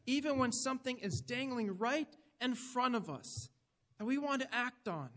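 A male preacher with a notably high voice delivers a sermon. He speaks earnestly and with emphasis, often turning to ask his listeners direct questions. His words carry a long, lingering reverb, as if spoken in a large hall. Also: a bit bright.

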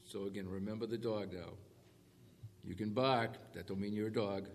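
A man preaching to his congregation, slowing down to hammer key lines and asking for amens. His voice carries through a hall with a long echo, with faint room noise behind it. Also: fairly low pitch. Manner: call-and-response, animated emphasis on key phrases. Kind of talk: sermon. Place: church hall. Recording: echoey hall with faint ambience.

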